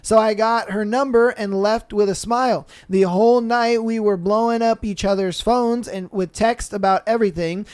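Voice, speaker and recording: A man's voice: high voice, steady tone, normal speed, hardly any pauses, a little mellow, smooth. Laid-back slangy young man. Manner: slangy and laid-back, heavy with fillers like "bro" and "you know". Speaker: podcast host. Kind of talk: casual chat, reading listener stories aloud.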